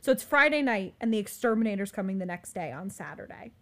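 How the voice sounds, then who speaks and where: A young woman in her twenties telling a story in casual chat, animated and full of fillers. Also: mid-range voice, quick pace. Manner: animated, filler-heavy, frequent "like".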